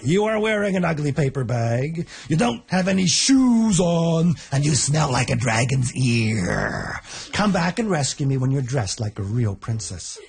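A man's voice: on the high side, big pitch swings, a little slow, slightly rough, exaggerated voice. A man doing a snooty scolding prince. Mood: haughty. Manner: haughty, scolding. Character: snooty young prince, vain and rude.

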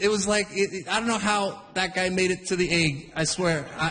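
Male stand-up comedian, forties, rambling and self-interrupting, slightly high voice, long hall reverb, faint room ambience. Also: fairly even intonation, a little fast, few pauses, fairly bright tone, a little hiss or hum. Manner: rambling, self-interrupting, chuckles between bits. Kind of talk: stand-up routine.

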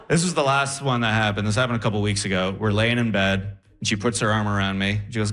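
A male stand-up comedian telling a story on a club stage and acting out his partner's sleep talk in animated bits. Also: lowish voice, brisk.

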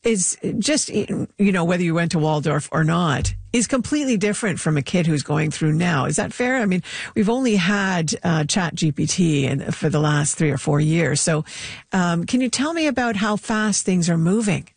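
A woman hosts a call-in radio show with a gravelly edge to her voice. She asks measured questions and pauses with fillers. The sound is dry and close. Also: lowish voice, animated, no echo.

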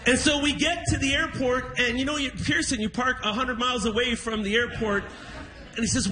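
A man's voice: extremely high pitch, brisk, slight background noise, poor audio. A man doing a stand-up comedy set on a theatre stage, telling a story and acting out his grumpy dad. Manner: animated storytelling, acts out his dad's grumbling.

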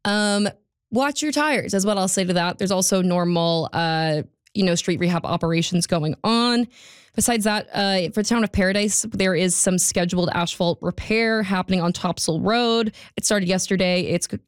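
A woman's voice: lowish voice, moderate pace, clean tone, dry recording. A woman giving a radio road and traffic report in a studio, chatty with wry, sarcastic asides. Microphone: studio microphone.

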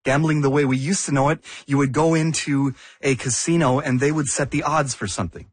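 Man, husky voice, dry sound, chatty questioning co-host. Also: medium pitch, steady tone, brisk, no echo. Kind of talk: conversational news discussion.

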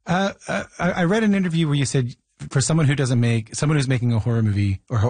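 Brief: male podcast interviewer, quick and husky, stumbles through his questions. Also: mid-range voice, darkish tone, dry recording. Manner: halting questions, many restarts.

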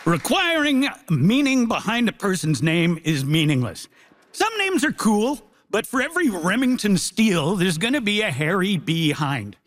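A man delivering a comic debate speech with mock-grand, deadpan punchlines. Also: high-pitched, normal speed, slight background noise. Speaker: comedian debater. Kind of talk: stand-up argument.

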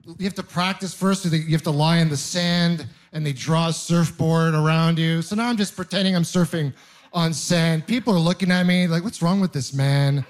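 On a comedy club stage before a laughing audience, a young adult man does a stand-up set, rambling and self-deprecating with punchy storytelling. His voice is a little high, with fairly even intonation and a moderate pace.

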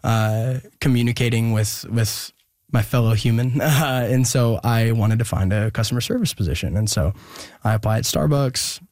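A young man from Oregon telling a personal story as an interview guest, earnest and hesitant, with many pauses and restarts. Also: mid-range voice, a little mellow, no room sound, clean studio sound.

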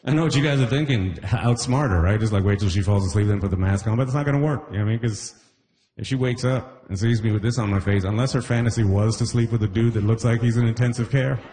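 A man's voice: on the low side, fast talker, warm tone. A Caribbean man with a Trinidadian accent performing a chatty stand-up comedy set on a club stage. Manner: chatty, peppered with "you know what I mean".

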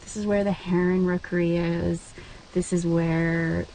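A woman's voice: on the low side, little pitch movement, a little slow, dark tone, a little hiss or hum. A woman rancher talking casually and earnestly in an outdoor interview on her ranch. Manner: earnest, heartfelt, conversational with fillers.

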